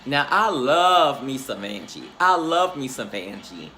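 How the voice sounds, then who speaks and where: Sassy, animated man dishing gossip. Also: mid-range voice, a little slow, slight background noise. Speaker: reality show recap host. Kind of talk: casual recap commentary.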